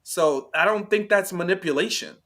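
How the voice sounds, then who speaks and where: Bright, forceful man talking it through. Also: sits high, moderate pace. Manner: talks it through, tags points with "right?" and "you know?". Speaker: podcast co-host. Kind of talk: casual discussion of a reality show.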